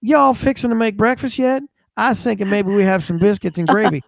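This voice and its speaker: A man's voice: high-pitched, brisk, vocal fry, no room sound, studio quality, pitched above the performer's own voice. A man imitating a chatty Southern woman with a homey drawl. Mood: folksy.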